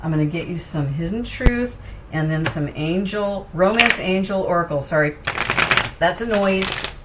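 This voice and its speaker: A woman's voice: fairly low pitch, normal speed, heavy background noise. A woman giving a tarot reading to camera in an earnest, reassuring way, repeating phrases for emphasis. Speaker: tarot reader.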